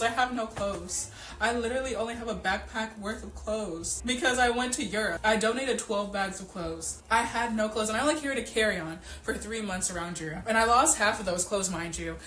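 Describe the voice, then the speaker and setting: A woman in her twenties chatting casually to camera in a vlog, animated and full of "like". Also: medium pitch. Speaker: vlogger. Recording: echoey room, faint background noise.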